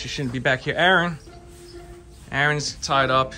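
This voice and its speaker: A man hosting a casual walk-and-talk vlog at a racetrack barn, excited and chatty, sometimes stumbling over his words, recorded outdoors on a handheld camera. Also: medium pitch, normal speed, vocal fry, soft background music. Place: outdoors at a horse barn shed row.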